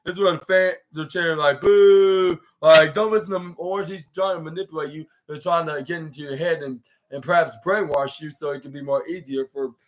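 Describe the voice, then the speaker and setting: Podcast host, a man with a fairly high voice, loose rambling recap full of fillers. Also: steady tone, fairly quick, hardly any pauses, a bit bright. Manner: rambling, heavy use of "like" and restarts. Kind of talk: casual show recap.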